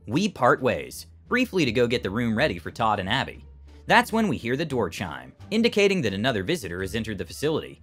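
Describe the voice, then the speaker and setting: Man narrating a story with a very lively pitch. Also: fast, slightly rough, faint music behind. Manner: expressive storytelling. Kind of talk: scripted narration of an online story.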